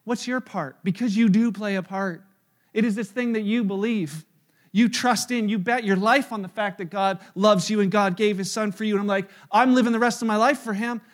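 A man preaching a sermon, retelling a story and acting out the quotes in lively voices, sometimes dropping to a hushed tone. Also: high-pitched, normal speed. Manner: animated storyteller, voices crowd quotes, drops to hushed tones. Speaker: pastor. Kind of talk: sermon with acted-out dialogue.

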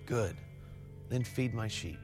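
A man playing a calm, gentle Jesus who asks measured questions in a church skit. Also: lowish voice. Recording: guitar music behind the voice.

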